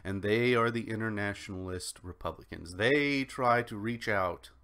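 A man's voice: on the low side, normal speed, pushed and bright, clear, resonant tone. An American man hosting a solo political commentary podcast, talking in a rambling way with frequent restarts and ums. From United States. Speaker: podcast host.

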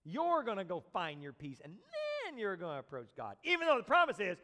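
A man preaching a sermon as a pastor, animated, acting out quoted voices and speaking directly to his congregation. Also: high-pitched, brisk, hardly any pauses. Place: church sanctuary. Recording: long church reverb.

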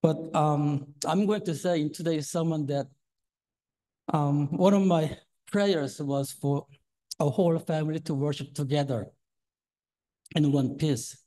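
A man in his sixties gives a sermon as a lay preacher, nervous and hesitant, his voice trembling and full of fillers. It's fairly high in pitch with a steady, dark tone and measured pace, captured on a low-quality recording.

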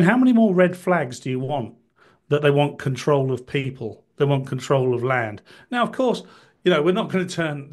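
Wry, hesitant man as a guest. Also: mid-range voice. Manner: hesitant, restarts, wry asides. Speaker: podcast guest. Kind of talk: political podcast chat.

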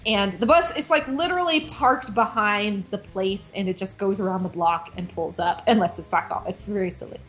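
A woman game designer telling a casual story as a guest, animated and full of "like" fillers. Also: mid-range voice, normal speed, few pauses. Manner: animated, heavy use of "like" fillers.

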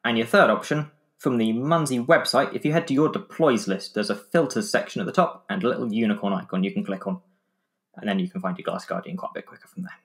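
A man with an English accent, a podcast guest explaining app steps in a matter-of-fact way. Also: on the low side. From England. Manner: brisk, matter-of-fact instructions.

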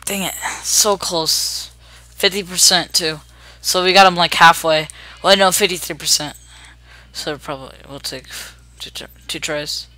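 Young gamer talking through gameplay, chatty and hyped, pretty bright voice. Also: mid-range voice, steady tone, measured pace, dry recording. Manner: chatty and upbeat, narrates moves, counts down out loud. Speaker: gameplay video host. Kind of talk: casual let's-play commentary.

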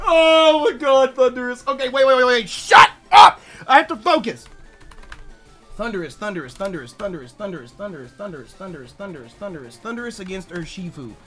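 A man commentating his video game run, swearing, swinging between yelling and muttering calculations, his voice strained from shouting. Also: very high-pitched. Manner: swears a lot. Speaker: gaming YouTuber. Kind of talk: let's play commentary.

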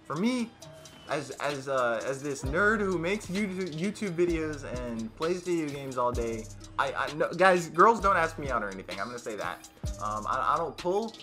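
A teenage boy telling a storytime vlog in a casual, rambling way, with many fillers and restarts, getting loud when quoting his friends. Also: a little high, animated, normal speed, over music. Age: teens. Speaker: YouTuber.

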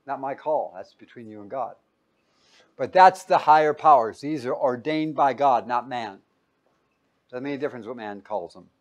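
A man preaching a Bible-teaching sermon, reading verses loudly and pausing for his listeners to call out the missing word. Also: mid-range voice, animated. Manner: quizzing listeners with fill-in-the-blank questions; emphatic, loud when reading scripture aloud.

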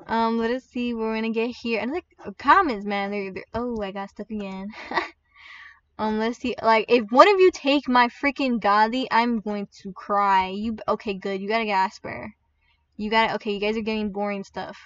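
A woman's voice: a little high, a little fast. Chatty young woman pleading with her game. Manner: chatty and dramatic, pleading with the game, frequent giggles. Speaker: gaming channel host. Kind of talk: casual gameplay commentary. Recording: distant, dull lo-fi mic.

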